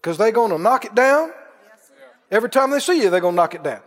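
Male preacher, high animated voice, folksy delivery, booming hall echo. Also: a little fast. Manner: folksy, dips soft then rises to shouts. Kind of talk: sermon. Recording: long reverb of a large hall.

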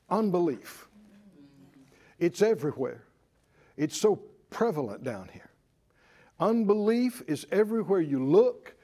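A man preaching a sermon, calling out questions to the congregation and acting out voices with laughter. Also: high-pitched. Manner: animated, call-and-response with the congregation; acts out quoted voices and laughs often. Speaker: pastor.

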